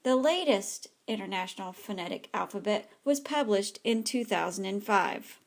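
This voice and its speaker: A woman's voice: mid-range voice, expressive, moderate pace. A woman, an ESL teacher, reads a scripted slide presentation carefully, with small slips.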